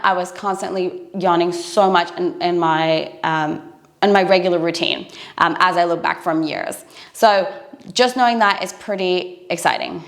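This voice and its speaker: An earnest woman coaching listeners through breathing habits. She speaks at a middle pitch with an encouraging, instructive tone, as if talking straight to camera. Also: a bit bright.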